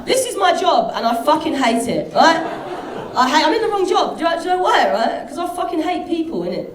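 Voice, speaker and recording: A woman doing a stand-up routine, crude and animated, throwing questions at the crowd. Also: sits high, a little fast. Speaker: stand-up comedian. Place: comedy club stage. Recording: roomy distant live stage sound with crowd. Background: audience laughter.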